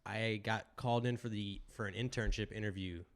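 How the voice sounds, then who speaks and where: A man hosting a podcast, chatting casually with a relaxed manner and quick short reactions. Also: fairly low pitch. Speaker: podcast host. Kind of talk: casual chat.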